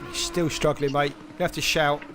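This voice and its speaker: A man's voice: a little high, little pitch movement, normal speed, noisy background. A man hosting live sim racing commentary, teasing and banterous. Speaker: race commentator and host.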